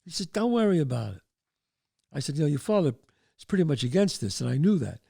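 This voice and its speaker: A man's voice: a little high, fast talker, gravelly, husky. A man in his sixties from the Bronx with a New York accent, hosting a show and telling a story from his past, acting out the people in it. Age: 60s. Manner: animated storyteller, shouts out quoted voices. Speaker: show host. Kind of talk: storytelling monologue.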